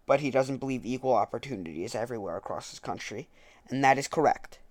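A man's voice: mid-range voice, fast, no room sound. Man arguing back at a speech. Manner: argumentative, self-correcting. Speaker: political commentator. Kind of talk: reading a speech aloud and commenting on it.

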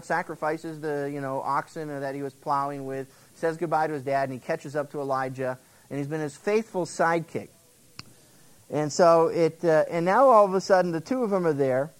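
Higher-pitched male pastor preaching. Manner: casual, conversational Bible storytelling; acts out the characters' words in quotes. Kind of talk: sermon.

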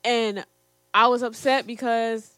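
A woman's voice: a little high, fairly even intonation, slow, a bit bright, smooth, dry recording. A young woman casually telling a personal story to camera, quoting her parents and often laughing as she talks. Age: young adult. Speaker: storyteller, co-host.

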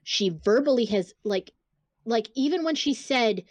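A woman with a slightly high voice talks casually on a podcast, blunt and indignant, with plenty of swearing. She reads book passages aloud between her comments. The sound is dry and close. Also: expressive, unhurried, dry recording. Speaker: podcast co-host. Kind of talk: casual chat.

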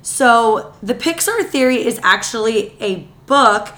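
A woman co-hosts a podcast in casual chat, her fairly high voice sounding worn out and tired. She talks in an excitable, chatty way, tossing in quick asides.

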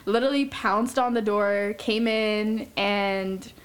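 A young woman hosting a podcast, chatting casually in a low-key, somewhat monotone way and laughing easily. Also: slow pace, clean tone. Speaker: podcast host.

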